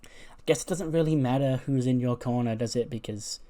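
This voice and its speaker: A man's voice: mid-range voice, fairly quick, dark tone, lightly acted. A man voicing a female wrestler who taunts and threatens a champion. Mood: taunting.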